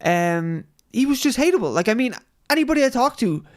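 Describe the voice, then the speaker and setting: Brief: male podcast co-host, high voice, loose, jokey, profane banter. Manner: animated, swearing, quick to joke and mimic. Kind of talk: casual chat.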